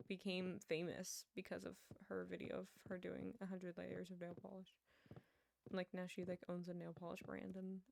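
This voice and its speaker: Chatty young woman with a gravelly voice. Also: on the low side, darkish tone, slight background noise. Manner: chatty, rambling, talks to chat while playing. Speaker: streamer. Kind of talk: casual livestream chat while playing a building game.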